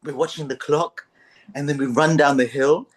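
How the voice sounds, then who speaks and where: Animated storytelling man. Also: fairly high pitch, moderate pace. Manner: animated, laughs often while telling stories. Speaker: podcast guest. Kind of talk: storytelling in conversation.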